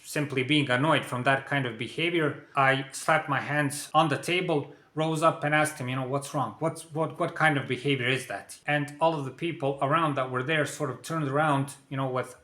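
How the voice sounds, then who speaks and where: A man's voice: mid-range voice, steady tone, normal speed, few pauses, bright, forceful tone. A man telling a personal story to camera in a plain, conversational way, often adding "you know". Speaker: vlogger. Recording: echoey room.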